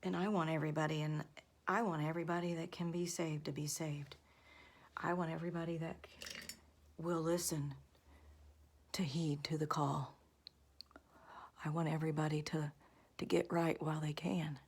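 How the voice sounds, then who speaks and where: A woman's voice: low-pitched, little pitch movement, moderate pace, pauses often, breathy edge. A woman vlogger in her thirties or forties, earnestly delivering a religious warning, often half-whispering.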